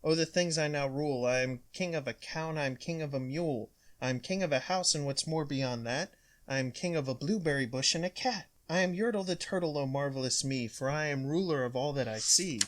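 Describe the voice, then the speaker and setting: A man voicing a bossy, boastful turtle king who barks his commands loudly in a storybook reading. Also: fairly high pitch, a little fast, lightly acted. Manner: loud, barking commands.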